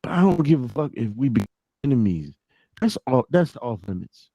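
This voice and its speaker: A man's voice: mid-range voice, very animated, normal speed, warm tone, no room sound. Blunt slangy man on a podcast. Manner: blunt, slangy, emphatic opinions. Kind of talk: casual chat.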